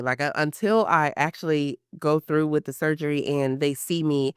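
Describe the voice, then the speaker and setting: Woman in her thirties, smooth clear voice, lively storyteller who acts out quotes, dry close mic. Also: low voice, normal speed, dry recording. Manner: animated storytelling, acts out quotes, many fillers. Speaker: guest, pre-surgery patient. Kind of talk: emotional personal interview.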